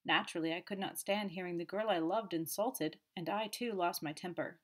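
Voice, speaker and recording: Brief: haughty quick-tempered young man, sullen under questioning, read by a woman narrator. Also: high voice, close to an everyday voice. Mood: admitting. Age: young adult.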